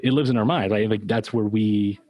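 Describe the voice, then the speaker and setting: A man's voice: on the low side, steady tone, brisk, slightly rough, no room sound, muffled recording. A man guest on a podcast, talking about faith and his son in a wry, conversational way with many fillers.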